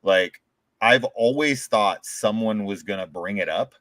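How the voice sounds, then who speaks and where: A man's voice: fairly low pitch, a little slow, a bit bright, no room sound. A man from California with a Californian American accent, co-hosting a casual, jokey chat. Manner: laid-back, jokey, laughs often. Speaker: podcast co-host.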